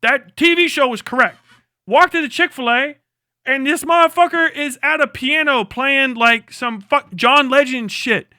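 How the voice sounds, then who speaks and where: Streamer; male; very high, bright voice; profane, rambling comic rant; dry sound. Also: normal speed, no room sound. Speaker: live streamer. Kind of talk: comedic rant.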